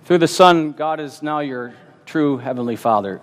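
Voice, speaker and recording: A man's voice: on the high side, animated, normal speed, in a large hall. A man preaching a sermon, earnest and emphatic, often repeating words as he builds his point.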